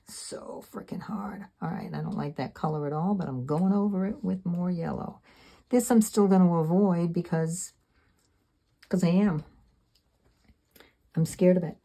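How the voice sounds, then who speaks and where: Older lady in her 70s, low husky gravelly voice, chatty and candid while she paints. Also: moderate pace, long pauses, dark tone. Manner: rambling, candid, self-deprecating. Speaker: sketchbook artist. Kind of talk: casual reflective talk while painting.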